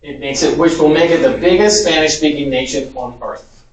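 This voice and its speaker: A man's voice: on the high side, moderate pace, slight background noise. A man, a Spanish teacher, giving a chatty, amused informal lecture. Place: large echoey parish hall. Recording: echoey hall, distant mic.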